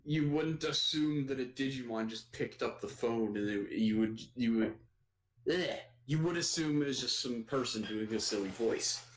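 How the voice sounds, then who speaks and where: A man's voice: mid-range voice, moderate pace. A man co-hosting a casual anime podcast, laid-back and hesitant, with many "uh"s and restarts. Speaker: podcast co-host.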